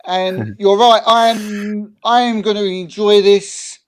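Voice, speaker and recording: A man's voice: high voice, fairly even intonation, takes it slowly, clear, resonant tone. A man appearing as a guest on a fan show, gushing and rambling, often restarting his sentences. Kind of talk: casual live show chat.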